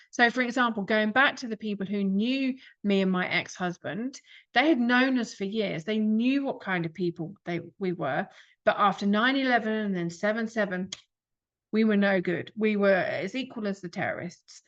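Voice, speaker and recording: A woman's voice: mid-range voice, moderate pace. A woman giving an earnest reflective talk, pressing her listeners with rhetorical questions. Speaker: speaker. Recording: dull lo-fi recording.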